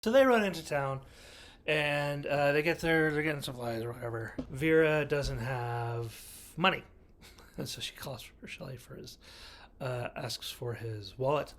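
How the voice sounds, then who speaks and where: A man's voice: medium pitch, unhurried, fairly bright tone, slight background noise. A man reviewing a film in a casual recap, chatting along and acting out the characters' lines as he goes. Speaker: movie reviewer.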